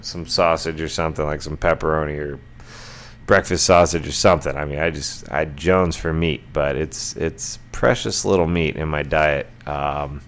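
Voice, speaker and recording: A man's voice: rumbling low, a bit bright, smooth. A middle-aged man hosting a casual solo podcast, rambling along with lots of fillers and restarts. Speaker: podcast host.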